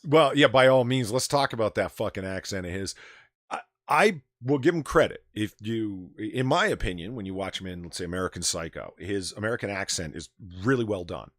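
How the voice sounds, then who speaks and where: A man's voice: fairly low pitch, expressive, fairly quick, no room sound, clean studio sound. A man hosting a casual livestream chat, ranting animatedly and swearing freely into his desk microphone. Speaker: podcast host.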